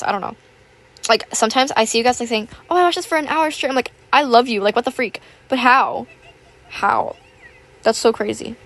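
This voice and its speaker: A young woman in her teens chatting casually, rambling with lots of fillers and a self-conscious, apologetic manner; her voice sounds a little rough. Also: fairly high pitch. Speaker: YouTuber. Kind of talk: casual chat over gameplay.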